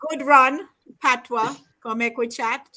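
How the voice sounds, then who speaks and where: A woman's voice: sits high, fairly even intonation, a little slow. A woman hosting a casual chat show, keeping things moving and wrapping up the discussion. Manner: warm affirming backchannels, wraps up the show. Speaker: host.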